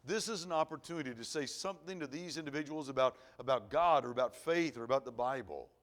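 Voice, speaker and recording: A middle-aged man preaching in a church at an evening service. He tells a long personal story in an earnest, folksy way, often repeating words as he goes. His pitch sits in an ordinary middle range for a man. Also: fast. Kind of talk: sermon. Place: church auditorium.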